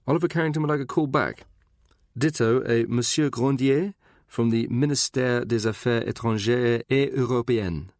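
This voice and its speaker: A man's voice: medium pitch, steady tone, normal speed, darkish tone, no echo, studio quality, pitched above the performer's own voice, natural voice. A man voicing a prim, aloof young secretary woman with a posh English accent, in an audiobook. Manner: prim, clipped.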